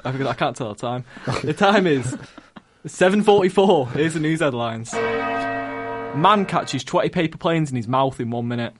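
A young man casually reading out funny news headlines on a student-style radio show, joking and correcting himself. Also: on the high side. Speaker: news segment presenter.

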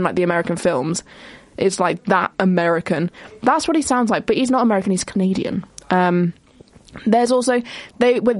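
A young woman hosting a casual solo podcast, chatty and rambling with quick asides and frequent self-interruptions. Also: medium pitch, dry recording. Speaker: podcast host.

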